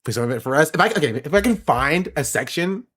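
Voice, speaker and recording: A man's voice: a little high, lively intonation, quick pace, a bit bright, slightly rough. A man streaming live, chatting casually and answering his viewers' questions. He laughs often and repeats phrases for emphasis. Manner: answers chat questions aloud.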